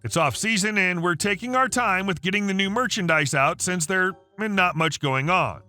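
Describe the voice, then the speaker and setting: A man reading online stories aloud with a lively storytelling delivery. His voice sits high and bright, with a pitch that swings a lot. Faint music plays softly behind him. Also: normal speed. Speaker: story narrator. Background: faint background music.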